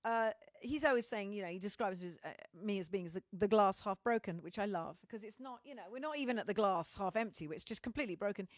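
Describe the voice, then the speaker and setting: A middle-aged Welsh woman talks straight to her livestream viewers in a candid, rambling way, with a mid-pitched voice. She swears now and then and often restarts her sentences. The sound is dry and close, with no room echo. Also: quick pace, few pauses. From Wales. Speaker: musician hosting a livestream. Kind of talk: casual chat to live viewers.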